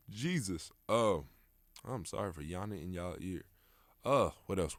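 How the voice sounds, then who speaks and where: A man's voice: sits low, sing-song, slow pace, long pauses, pushed and bright, no room sound, clean studio sound. A young man hosting a casual solo podcast, rambling in a laid-back, slangy way with plenty of fillers. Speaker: podcast host.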